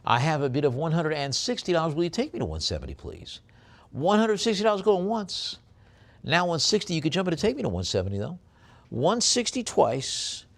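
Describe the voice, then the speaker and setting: A man working as an auctioneer, calling bids in a brisk rhythmic chant and adding chatty asides about the lots. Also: wildly swooping pitch. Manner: drops low and soft on a coaxing "please". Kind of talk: live auction bid calling.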